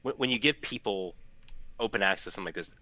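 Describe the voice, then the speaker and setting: Male co-host, lowish but bright tone, chatty explainer, dry close mic. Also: fast talker, dry recording. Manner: chatty explainer, restarts and fillers. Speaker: podcast co-host. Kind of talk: casual chat.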